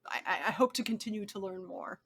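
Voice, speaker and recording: A young woman chatting as an interview guest, enthusiastic and quick to laugh, with many restarts. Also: medium pitch, a bit bright, husky. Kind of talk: casual interview chat.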